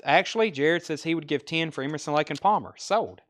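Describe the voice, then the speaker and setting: A man's voice: a little high, brisk, a bit bright. A man with a Southern US accent hosting a live online record sale, rattling off album titles and prices with chatty asides in casual sales patter.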